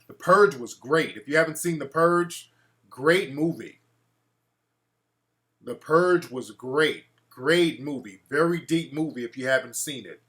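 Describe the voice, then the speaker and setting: A man's voice: a little high, expressive, measured pace, fairly bright tone. Brash, cursing talk show host man. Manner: brash, profane, reacts to live chat. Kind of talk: casual call-in show chat.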